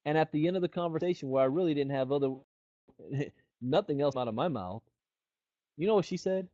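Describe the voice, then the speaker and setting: A man's voice: a little high, brisk, long pauses, no room sound. A middle-aged man giving a motivational network marketing training, telling stories and acting out the people he quotes. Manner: animated storyteller who acts out the quoted people. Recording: dull, dry lo-fi recording.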